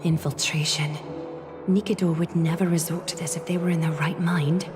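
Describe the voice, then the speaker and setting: An actress playing a calm, composed woman guardian of a city in a video game, at times breathy and hushed. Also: lowish voice, moderate pace, close to an everyday voice. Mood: hushed, pensive. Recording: game audio with music underneath.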